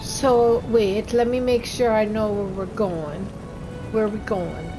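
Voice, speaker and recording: A woman's voice: medium pitch, steady tone, a little slow, poor audio. A woman playing a wood elf character in a game, telling a rambling tavern story that trails off and restarts. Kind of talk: in-character game role-play. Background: game music.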